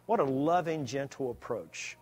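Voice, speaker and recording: A man delivering a church sermon at an ordinary mid-range pitch. He talks to the congregation in a plain, conversational way. At times he turns emphatic and loud. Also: expressive, normal speed. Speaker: preacher.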